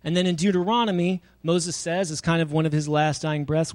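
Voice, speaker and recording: A man's voice: a little high, steady tone, normal speed, few pauses, darkish tone. A young adult man preaching a sermon in a casual, conversational way, often using fillers and reading scripture passages aloud. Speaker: pastor.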